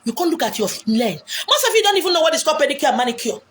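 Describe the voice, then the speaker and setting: A woman with a Nigerian accent delivering an animated, preaching monologue, acting out quotes with big swings in pitch and loudness. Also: racing. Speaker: self-styled spiritual messenger. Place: beach, outdoors. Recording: faint background noise, outdoors.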